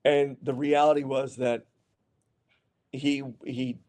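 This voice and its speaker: A man's voice: mid-range voice, level tone, slow, darkish tone. A man guest on an interview, telling rambling anecdotes full of restarts and fillers, acting out the lines of the people in his stories. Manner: acts out other people's lines when retelling. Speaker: guest actor. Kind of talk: casual storytelling interview.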